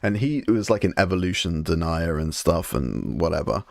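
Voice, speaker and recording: A man's voice: deep voice, animated, normal speed, creaky, no room sound, studio quality. A young British man hosting a live painting stream, chatting in a rambling, swearing, good-humoured grumbling way. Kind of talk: casual live stream chat.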